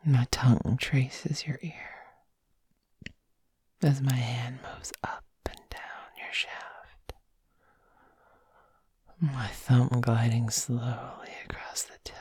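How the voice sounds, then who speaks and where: A woman's voice: rumbling low, steady tone, takes it slowly, pauses often, darkish tone, breathy edge, dry recording. A woman in an intimate whispered role-play, speaking in a teasing, commanding way close to the ear. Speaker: audio role-play performer.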